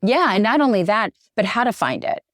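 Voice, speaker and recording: A woman's voice: medium pitch, sing-song, brisk, a bit bright, dry recording, clean studio sound. A middle-aged woman, a journalist and interview guest, talking earnestly and getting choked up. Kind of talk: conversational interview.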